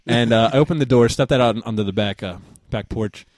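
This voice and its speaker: Man, podcast guest, rambling casual storytelling, swears a lot, mid pitch, dry close sound. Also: brisk, darkish tone, no echo. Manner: rambling, swears freely, laughs through his story.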